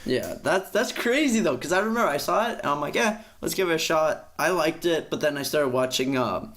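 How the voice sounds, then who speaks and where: A young man with a slightly high voice chats on a podcast. He rants in a casual, profane way, and his voice jumps sharply upward when he gets worked up. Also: brisk. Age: young adult. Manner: profane, animated ranting with sudden pitch jumps. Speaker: podcast co-host. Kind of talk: casual chat.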